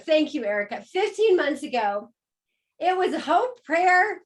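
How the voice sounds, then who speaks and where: A woman with a high voice hosts a video call. She speaks with emphatic, heartfelt warmth and stacks repeated phrases to build her point. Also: big pitch swings, measured pace. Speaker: host. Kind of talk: enthusiastic introduction on a call.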